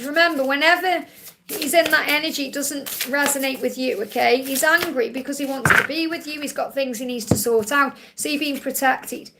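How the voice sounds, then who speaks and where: A psychic card reader hosts a live stream, her high voice gravelly yet fairly bright. She reads viewers' questions aloud, passes on messages and reassures each person, often finishing with "okay?".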